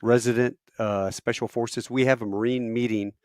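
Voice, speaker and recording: A man hosting an interview podcast, telling a war story in an animated, casual way. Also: medium pitch, normal speed, no echo, studio quality. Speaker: podcast host and Marine.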